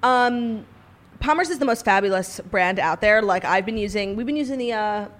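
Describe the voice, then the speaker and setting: A woman's voice: mid-range voice, normal speed, a bit bright. A woman co-hosting a podcast, chatting casually and reading an ad with lots of fillers. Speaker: podcast co-host. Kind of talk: casual chat and ad read.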